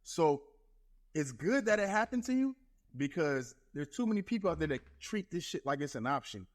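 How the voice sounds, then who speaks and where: A man's voice: a little high, big pitch swings, moderate pace. Blunt, matter-of-fact male podcast guest. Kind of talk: casual chat, giving advice.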